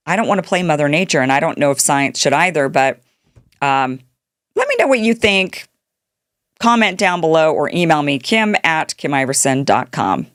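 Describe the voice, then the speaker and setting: A woman's voice: deep voice, no echo, studio quality. A middle-aged woman hosting a political commentary show, talking in a sarcastic monologue and mocking the people she quotes. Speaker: show host.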